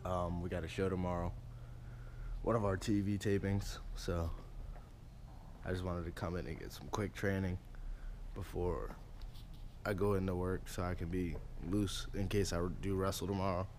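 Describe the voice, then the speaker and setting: A hoarse man chats casually to his camera at a wrestling training school, relaxed and easygoing. His voice is very low and worn. Faint noise hums behind him. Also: normal speed. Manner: relaxed, chatty. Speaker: vlogger and wrestler. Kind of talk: casual vlog talk.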